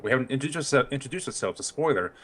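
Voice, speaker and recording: A man's voice: medium pitch, lively intonation, very fast, fairly bright tone. A man hosts a live podcast episode, opening it with a playful, jokey introduction. His voice sits in a middle range and his delivery stays casual. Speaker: podcast host leading the episode. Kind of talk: casual live-stream chat.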